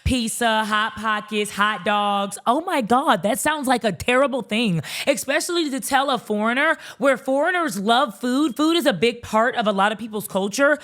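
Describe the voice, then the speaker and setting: A woman giving a casual recap commentary, animated and blunt, swearing, exclaiming and mocking quoted people in put-on voices. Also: high-pitched, normal speed, few pauses. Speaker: reaction commentator.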